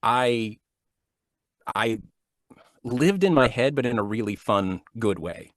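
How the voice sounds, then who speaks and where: A man's voice: mid-range voice, takes it slowly, dry recording. Guy in his thirties telling stories on a video call, dead dry sound, keeps restarting and laughing. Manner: laughs often, restarts sentences, animated storytelling. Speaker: guest narrator and actor. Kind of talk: casual interview chat. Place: home studio.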